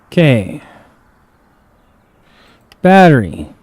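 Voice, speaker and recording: Drawing out his words with big pitch swings, the streamer speaks in a slightly high, somewhat mellow voice; there's no room sound, but the recording quality is low. He curses and grumbles to himself in frustration during casual commentary on a flight game.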